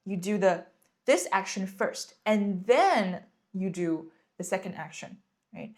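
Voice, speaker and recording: A woman teaching a lesson in English, patiently repeating words and checking in with "right?". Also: mid-range voice. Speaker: Chinese teacher. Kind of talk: language lesson explaining vocabulary.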